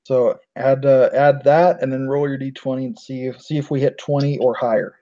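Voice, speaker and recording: A man's voice: mid-range voice, moderate pace. Chill guy running the game, lots of uhs, muffled lo-fi audio. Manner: relaxed, frequent fillers. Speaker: game master. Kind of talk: tabletop game narration. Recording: dull lo-fi recording.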